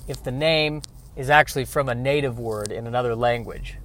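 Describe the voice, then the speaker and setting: A man riffing comedically as a podcast host, animated and self-interrupting. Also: medium pitch, fairly quick, a little hiss or hum.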